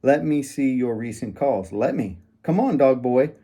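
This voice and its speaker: A man doing a brash loud-mouthed woman. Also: medium pitch, lively intonation, measured pace. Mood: needling. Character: brash loud young woman, bar talker.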